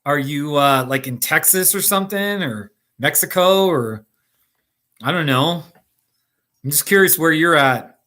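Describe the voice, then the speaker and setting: Chatty middle-aged man with a bright voice. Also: fairly high pitch, lively intonation, unhurried. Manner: chatty, laughs often, talks to viewers by name. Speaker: livestream host. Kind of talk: casual live chat reading comments. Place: Colorado.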